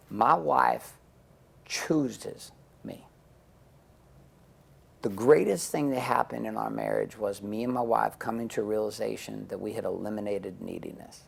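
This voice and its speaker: Blunt, profane man with a gravelly voice. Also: lowish voice. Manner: blunt, profane, storytelling with acted-out quotes. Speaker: interview guest. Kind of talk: intense candid interview talk.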